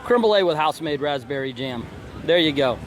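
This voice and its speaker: A man's voice: fairly high pitch, lively intonation, fairly quick, slight background noise. A man hosting a casual food vlog outdoors at a theme park festival, joking and reading menu items aloud. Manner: jokey, chatty, reads menu items aloud. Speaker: vlogger host. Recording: outdoor festival with loud background music. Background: music playing nearby.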